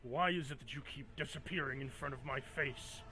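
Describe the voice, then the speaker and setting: A man voicing a frustrated male enemy warrior who yells exasperated questions at a foe he cannot see in a tabletop game. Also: mid-range voice, a little fast, a little hiss or hum, close to an everyday voice.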